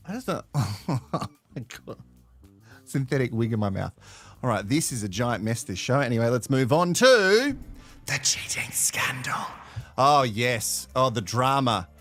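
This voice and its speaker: A man's voice: a little high, fairly bright tone. A man hosting a live reality-show recap, swearing, sarcastic and laughing often. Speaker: host.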